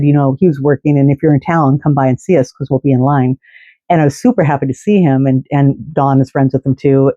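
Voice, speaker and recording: A man's voice: mid-range voice, dark tone, no room sound, lo-fi sound. A man telling a long, rambling story in a casual, chatty way, full of fillers and restarts. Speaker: fan podcast host.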